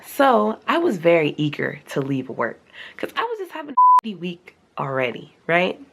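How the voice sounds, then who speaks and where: A young woman telling a casual storytime, acting out her own reactions in a high, animated voice. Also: moderate pace, gravelly, very noisy. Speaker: vlogger.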